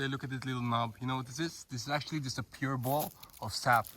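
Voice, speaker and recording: A man's voice: medium pitch, fast talker, few pauses, husky. Gushing Norwegian-accented man outdoors. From Norway. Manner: excitable, gushing, rambling with lots of fillers. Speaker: vlogger. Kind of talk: casual walking vlog. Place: outdoors in a forest on a hot day.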